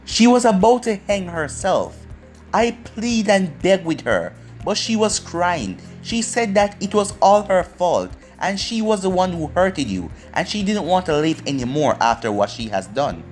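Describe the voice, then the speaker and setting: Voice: mid-range voice, very animated, unhurried, darkish tone. A fan-fiction reader voicing a young woman weighed down by guilt, read in a plain storybook style over faint music. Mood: distressed.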